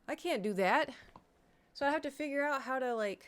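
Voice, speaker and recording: A woman's voice: high-pitched, lively intonation, moderate pace, fairly bright tone. A woman streamer, rambling in casual chat to her viewers and cursing now and then. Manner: rambling, restless, swears casually.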